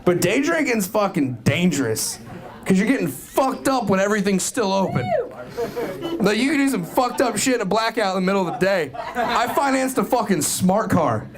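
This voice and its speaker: A young man from Florida doing a rambling, profane stand-up set, building to loud punchlines. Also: high voice, expressive, moderate pace. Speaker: stand-up comedian. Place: comedy club with live audience. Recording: crowd noise from live club. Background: crowd laughing.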